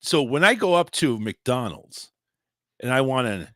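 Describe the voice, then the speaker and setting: A male radio host with a wildly swinging pitch who jokes crudely and teases his co-host. The sound is dry and close in the studio. His delivery stays playful and loose. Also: big pitch swings, measured pace, a bit bright, no echo. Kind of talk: crude comedic chat.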